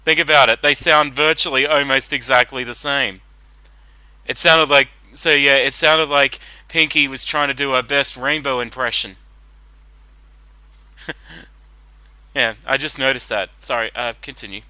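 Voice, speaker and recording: A man talks through a cartoon episode in a loose, rambling way, slow and unhurried. His voice is bright and forceful, close and dry on the mic, with faint music under it. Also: medium pitch, fairly even intonation, dry recording, low-quality recording. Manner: casual, rambling, many fillers. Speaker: commentator. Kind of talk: blind reaction commentary.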